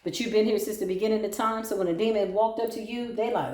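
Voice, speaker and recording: Talking fast in a dark-toned, mid-range voice, a woman delivers a crude, blunt tarot reading. She ridicules her targets and bursts out laughing, and the sound has a roomy echo.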